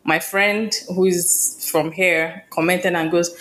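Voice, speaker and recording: A woman's voice: lowish voice, fairly even intonation, takes it slowly, a bit bright, a little hiss or hum. A woman from Nigeria co-hosting a podcast, chatting casually and telling stories with laughs and quoted voices. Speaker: podcast co-host. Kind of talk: casual chat.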